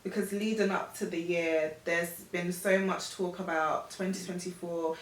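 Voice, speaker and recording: A woman's voice: fairly low pitch, steady tone, normal speed, roomy sound, far from the mic, poor audio. A woman hosting an interview, encouraging and asking open questions. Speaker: host.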